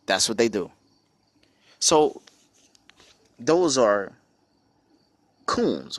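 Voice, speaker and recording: Emphatic low-voiced man, dry close sound. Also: animated, a little slow, pauses often, no echo. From United States. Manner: emphatic, repeats phrases, asks rhetorical questions. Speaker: speaker on a religious channel. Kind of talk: impassioned spoken commentary.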